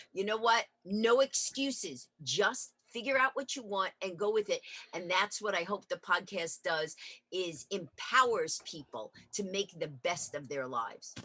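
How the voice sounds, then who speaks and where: A woman guest in a lively interview chat, an energetic storyteller who acts out the dialogue in her stories. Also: fairly low pitch, moderate pace, no room sound.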